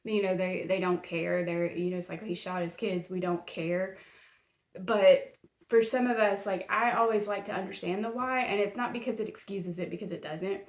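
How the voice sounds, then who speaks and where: A woman's voice: mid-range voice, brisk. Blunt woman true-crime host. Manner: blunt and indignant, scolds the accused directly. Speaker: podcast host. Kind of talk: casual true-crime commentary. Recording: roomy echo.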